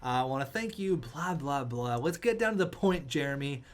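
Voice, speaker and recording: A man's voice: mid-range voice, expressive, normal speed. A young man commentating his hockey video game, exasperated and sarcastic, swinging from groans to outbursts. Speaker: gaming YouTuber.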